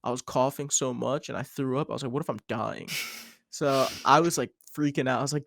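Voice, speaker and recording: A man's voice: mid-range voice, fairly quick, gravelly, noisy background. A young man hosting a podcast, telling a long story in a rambling, laid-back way with plenty of "like" and swearing. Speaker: podcast host. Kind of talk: casual storytelling chat.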